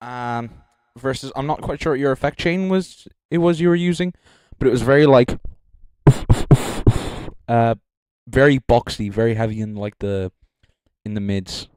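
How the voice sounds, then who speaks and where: At a moderate pace and medium pitch, a young man judges a live stream with loose, joking, filler-heavy commentary into a handheld mic. His voice is smooth and a little mellow, and the recording is dry.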